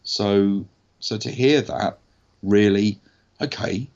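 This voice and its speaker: An English man with a lowish voice tells a story candidly and with energy, the odd swear word thrown in. The sound is dull and lo-fi, as if from a call. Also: takes it slowly. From England. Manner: candid, animated anecdotes with mild swearing. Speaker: actor guest. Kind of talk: casual storytelling interview.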